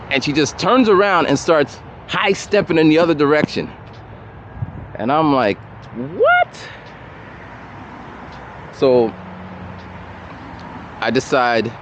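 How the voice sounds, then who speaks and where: Animated man rambling outdoors, lo-fi audio. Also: medium pitch, slight background noise. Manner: animated, rambling, repeats himself. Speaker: vlogger. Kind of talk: casual storytelling while walking. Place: outdoors by a road with traffic. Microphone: camera or phone mic, no separate mic. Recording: dull lo-fi camera audio.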